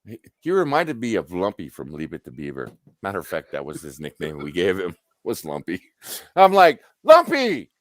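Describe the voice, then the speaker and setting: A middle-aged man with a bass voice talks fairly quickly on a livestream, casually telling work stories. He swears freely and acts out what people said, an animated, profane storyteller in a relaxed chat.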